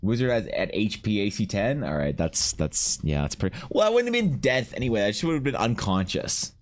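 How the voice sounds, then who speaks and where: Young male streamer, low-ish voice, slightly rough, animated and profane, chatty banter. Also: brisk. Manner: animated, swearing, bantering with chat. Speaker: art streamer. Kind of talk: casual live-stream chat.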